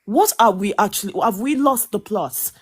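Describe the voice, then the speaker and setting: A woman speaking as a guest on a live panel, emotional and emphatic, with many halting restarts and stammered repeats. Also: mid-range voice, animated, slightly rough. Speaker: panel guest on a reality show podcast. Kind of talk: impassioned live panel commentary.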